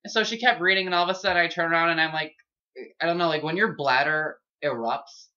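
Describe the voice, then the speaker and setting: Woman podcaster telling crude stories fast, doing all the voices, bright sharp tone, lo-fi audio. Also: lowish voice. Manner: loud storytelling, acts out voices, swears freely. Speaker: podcast co-host. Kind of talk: casual chat.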